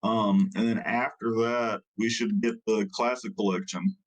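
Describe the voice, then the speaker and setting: A man's voice: on the low side, steady tone, measured pace, low-quality recording. A man co-hosting a casual podcast chat, giving his news in a loose, rambling way. He leans on fillers and keeps an easy, conversational flow. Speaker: podcast co-host giving card game news.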